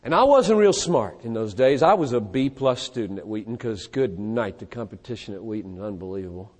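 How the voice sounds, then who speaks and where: A man's voice: fairly low pitch, in a large hall. A man preaching a sermon with emphatic delivery, listing scripture verses one after another. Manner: emphatic, animated, cites scripture in rapid lists.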